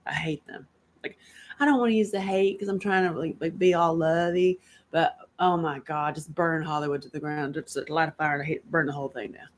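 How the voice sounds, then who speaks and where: A middle-aged woman from North Carolina hosting a casual live-stream chat, candid and animated, laughing often and tossing in quick asides. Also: low-pitched, slight background noise. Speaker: host.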